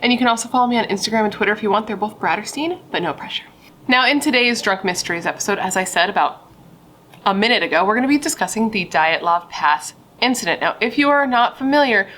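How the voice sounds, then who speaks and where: A woman's voice: mid-range voice, lively intonation, quick pace, fairly bright tone. A woman hosting a true crime video, telling the story in a chatty, playful, self-deprecating way over a casual drink.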